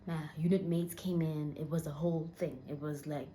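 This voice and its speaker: Sitting indoors, a vlogger in her twenties with a Southern African accent shares a personal story, fighting tears and frequently sinking almost to a whisper. She speaks in a low, steady, mellow voice at a moderate pace over soft background music.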